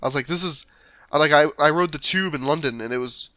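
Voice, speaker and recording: Bright-voiced halting male podcast co-host. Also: on the high side, no echo. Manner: halting, repeats words, laughs often. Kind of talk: casual chat.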